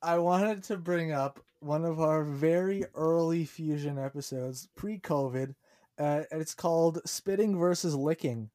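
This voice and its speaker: Animated chatty podcast co-host, man. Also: on the high side, unhurried, dry recording. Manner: chatty, animated, laughing storyteller. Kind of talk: casual podcast chat.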